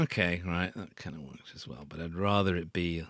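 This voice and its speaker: A man's voice: low-pitched, moderate pace, a bit bright, dry recording. A man hosting a casual live stream tutorial on sound design and joking about himself as he works. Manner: casual, self-deprecating.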